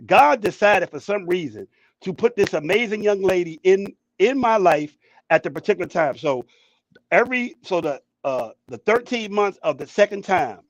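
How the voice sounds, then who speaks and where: A man co-hosting a talk show, telling a story with excitement and repeating his words. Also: sits high, dull audio. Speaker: co-host. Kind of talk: casual talk show chat. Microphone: headphones, studio mic.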